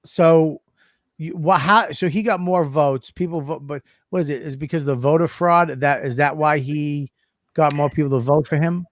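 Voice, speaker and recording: A man's voice: a little high, steady tone, normal speed, no room sound, studio quality. A man hosting a talk show, speaking in a crude, teasing, questioning way. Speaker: host. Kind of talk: casual talk-show chat.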